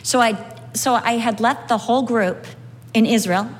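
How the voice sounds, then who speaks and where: A woman telling personal stories in a sermon, lively and humorous as she recounts them. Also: a little high, normal speed. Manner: animated, humorous storytelling. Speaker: speaker sharing a testimony. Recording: long hall reverb.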